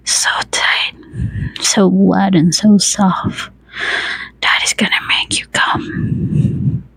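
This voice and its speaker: Woman whispering as a commanding man, whispered role-play, breathy, gravelly, unhurried. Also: steady tone, a little mellow, dry recording, full character voice, rough recording. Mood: strained. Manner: low, commanding murmur. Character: commanding adult man, dominant lover.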